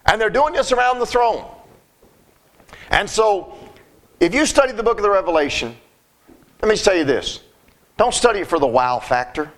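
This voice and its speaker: A high-pitched man preaches a sermon, talking to his listeners in a folksy, emphatic manner. He often stumbles and repeats words as he builds each point. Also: animated, moderate pace, pauses often.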